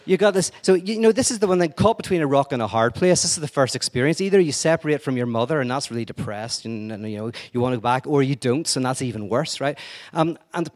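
A man's voice: medium pitch, animated, fast talker. A man lectures in a loose, conversational way, cracking jokes as he goes. His voice sits in an ordinary middle range. He often acts out what other people say. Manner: conversational, joking, acts out quoted speech. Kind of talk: informal lecture.

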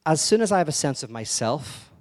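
A man giving an energetic, digressive lecture-style talk, full of wry asides and restarts. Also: a little high, fairly quick.

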